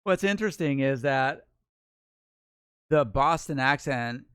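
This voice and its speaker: A man's voice: mid-range voice, animated, slow pace, fairly bright tone, clean tone, dry recording, studio quality. A man co-hosting a casual chat, musing and explaining things in a chatty way.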